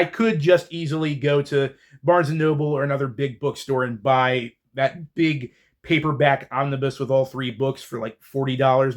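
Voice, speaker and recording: A man hosting a casual book haul vlog, talking enthusiastically and chattily about his finds. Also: medium pitch. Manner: enthusiastic, chatty, with fillers and restarts. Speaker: book channel host.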